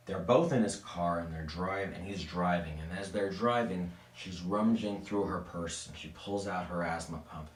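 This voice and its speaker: Deep-voiced man telling a spooky tale. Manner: casual, playful, with asides to listeners. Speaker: storyteller. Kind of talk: live spooky storytelling. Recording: echoey room, mic at a distance.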